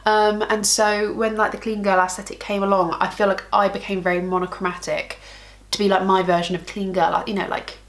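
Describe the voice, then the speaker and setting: A chatty woman talks through her makeup in a casual vlog, thinking aloud and breaking into giggles. Her voice sits at an everyday middle pitch. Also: little pitch movement, a little fast. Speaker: makeup vlogger. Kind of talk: casual makeup tutorial chat.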